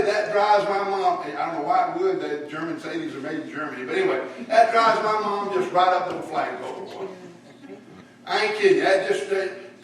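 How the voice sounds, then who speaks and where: A man's voice: high-pitched, a bit bright. A man teaching a church Bible lesson in a folksy way, putting questions to his class. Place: church room. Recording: echoey room, voice from far off, faint hiss.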